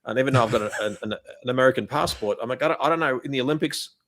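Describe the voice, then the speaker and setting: A man from Australia with an Australian accent, a podcast guest telling lively stories and often repeating words as he starts. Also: medium pitch, rapid-fire. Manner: animated storyteller, repeats words when starting. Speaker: guest photographer. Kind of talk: casual podcast interview.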